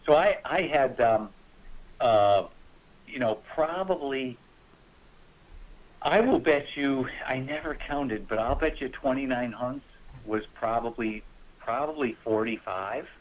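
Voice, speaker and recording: A man swapping hunting stories in a relaxed podcast conversation, his voice sitting at a middle pitch. He tells them with animation and laughter, dropping into other people's voices as he quotes them. The remote audio is muffled and slightly lo-fi. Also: slow pace. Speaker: guest hunter. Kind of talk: casual storytelling.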